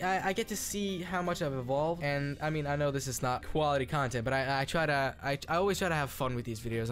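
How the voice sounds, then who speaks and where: A young man, a gaming YouTuber, rambling and cursing through self-deprecating casual commentary. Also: mid-range voice.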